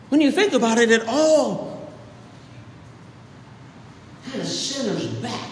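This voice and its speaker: An older man preaching a sermon as pastor, animated, acting out voices and shouting praise. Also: very high-pitched, slow pace, pauses often, noisy background. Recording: echoey hall with long reverb.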